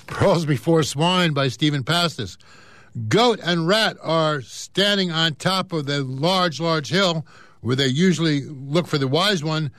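A man's voice: on the high side, measured pace, a bit bright, no echo. Man casually reading the news and comics. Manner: casual, with offhand asides and self-corrections. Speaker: newspaper reader.

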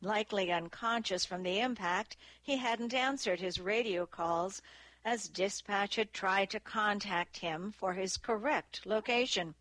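A woman reading a novel aloud as narrator, in a measured, steady delivery. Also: medium pitch, dry recording. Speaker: audiobook narrator. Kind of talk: scripted narration.

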